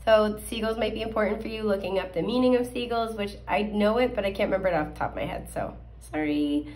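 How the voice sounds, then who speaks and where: A woman's voice: mid-range voice, fast, a little mellow. A young woman hosting a casual tarot reading, chatty and full of fillers and small laughs, her voice scratchy from allergies. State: scratchy voice, coughing. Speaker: tarot card reader. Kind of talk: casual pick-a-card reading.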